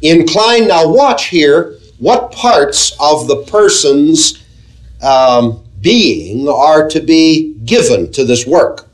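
A man preaching a sermon to a congregation, earnest and measured, asking them questions as he teaches. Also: fairly high pitch, animated, poor audio. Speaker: pastor.

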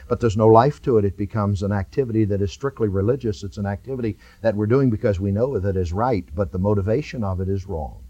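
A man's voice: lowish voice, quick pace, few pauses, mellow, no room sound, lo-fi sound. A man preaching a sermon to his church with rising fervor, repeated phrases and folksy asides. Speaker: pastor.

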